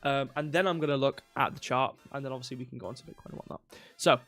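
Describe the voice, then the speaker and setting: A man hosting a crypto livestream in casual chat, rambling, restarting sentences and reading chat aloud while slowly losing his voice. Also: medium pitch, fairly even intonation, a bit bright, faint music behind. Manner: rambling, self-interrupting, reads chat aloud. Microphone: desk mic.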